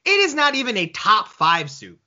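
During a loose podcast debate, this young co-host pushes back with incredulous energy and plenty of swearing. His voice is high and bright, with big pitch swings at a moderate pace, on a slightly dull, lo-fi recording.

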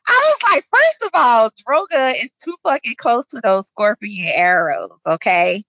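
A woman co-hosting a casual chat show, talking in an animated, profane way and laughing often. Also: on the high side, unhurried, no room sound, poor audio. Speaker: podcast co-host.

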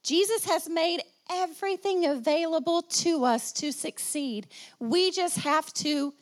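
High-voiced woman pastor preaching. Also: unhurried. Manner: preaching with call-and-response, repeating phrases for emphasis. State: slight cough. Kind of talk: sermon.

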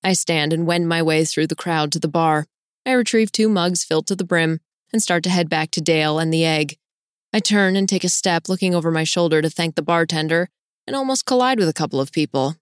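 Woman, audiobook narration, first person, expressive, lowish voice, dry close sound. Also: a little fast, clear, resonant tone, no room sound. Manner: expressive, with sudden bright leaps in pitch.

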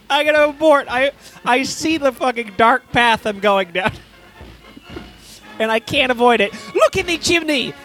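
A man's voice: very high-pitched, fairly even intonation, takes it slowly, pauses often, fairly bright tone, soft background music. A man improvising crude comedy bits, rambling and laughing at his own jokes.

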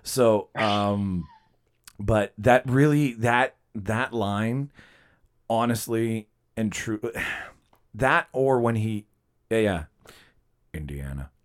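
A man hosting a casual podcast, joking crudely and slipping into quick impressions. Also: fairly low pitch, fairly even intonation, clean tone. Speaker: podcast host.

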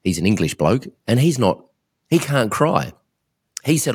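A man's voice: medium pitch, very animated, measured pace, pauses often, a little mellow, slightly rough. A man hosting a podcast interview, talking candidly and rambling in a self-reflective way. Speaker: podcast host.

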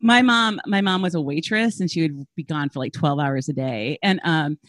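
A woman in her forties chatting on a book podcast, telling stories with halting restarts and easy laughter. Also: low voice, dry recording, studio quality. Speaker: podcast co-host. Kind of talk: casual book club chat.

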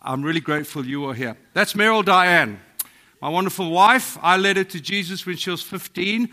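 Older South African preacher, bright voice. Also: male voice, sits high, normal speed. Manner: humorous, self-deprecating, lively storytelling. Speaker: guest preacher. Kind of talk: sermon. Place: church hall.

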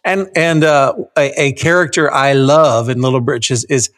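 A man co-hosting a podcast in casual chat, animated and quick to laugh. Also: mid-range voice. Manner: animated, laughs often, stumbles on restarts. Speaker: podcast co-host.

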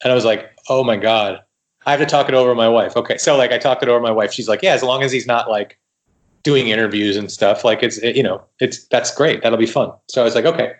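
The voice belongs to a man with a mid-range pitch who talks quickly. As a guest writer in a casual podcast interview, he tells animated stories, quotes dialogue heavily, and keeps restarting his sentences.

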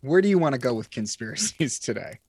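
A podcast host in their thirties chatting casually, animated and ranting, with some swearing. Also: medium pitch, quick pace, breathy edge, no echo, clean studio sound. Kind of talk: casual chat.

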